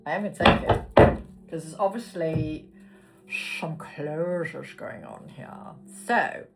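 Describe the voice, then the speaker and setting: A woman's voice: deep voice, big pitch swings, slow pace, gravelly. A woman giving a casual tarot card reading, chatty and swearing casually as she talks. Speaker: tarot reader. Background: background music.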